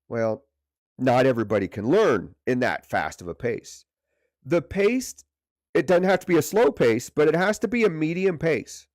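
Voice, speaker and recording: Leading a leadership training livestream, a coach chats conversationally and repeats words for emphasis, his neck stiff from poor sleep. His voice is on the high side and sing-song, at normal speed with a darkish tone, in a studio-quality recording with no room sound.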